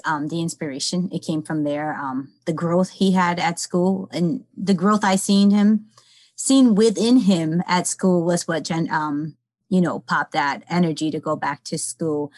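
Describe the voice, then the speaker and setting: Middle-aged woman, podcast guest, measured and hesitant, low voice, dry mic. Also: dry recording. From Connecticut, US. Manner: measured, hesitant with frequent ums. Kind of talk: casual interview chat.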